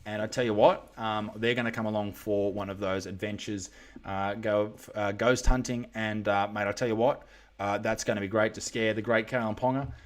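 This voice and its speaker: A man's voice: on the low side, steady tone, moderate pace. An Australian man chatting casually on a live stream, rambling, swearing and reading out viewer comments.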